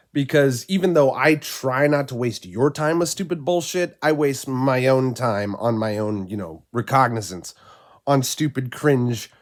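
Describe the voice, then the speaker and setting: A man with a nasal voice from a cold, giving blunt, rambling commentary with frequent swearing. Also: mid-range voice. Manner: blunt, profane, rambling with fillers. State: sick, nasal voice. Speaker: commentary channel host. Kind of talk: casual opinion commentary.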